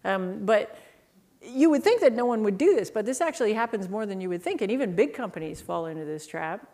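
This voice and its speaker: A middle-aged woman from Canada gives an animated keynote about positioning. She talks at an ordinary pitch for a woman and slips into the voices of the people in her stories. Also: a little fast. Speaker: speaker on market positioning. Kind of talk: storytelling keynote talk.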